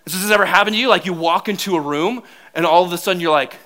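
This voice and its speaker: A middle-aged man preaching a sermon to his church, telling funny stories about his marriage in an animated, self-mocking way and laughing often. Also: high-pitched, fast talker. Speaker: pastor. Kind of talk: sermon with humorous personal stories.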